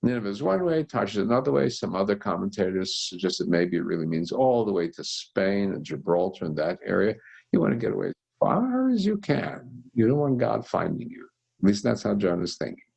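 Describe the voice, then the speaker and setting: A man, a rabbi, teaching a scripture study session and telling the story with animated voices for its characters. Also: fairly low pitch, brisk, creaky, breathy edge. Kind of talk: text study lesson.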